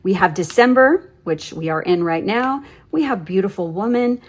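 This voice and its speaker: A woman giving a casual tarot reading, telling stories bluntly with lots of swearing, "like" fillers and sudden animated outbursts. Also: medium pitch, moderate pace. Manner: blunt, ranting, swears freely; animated storyteller with many fillers. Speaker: tarot reader.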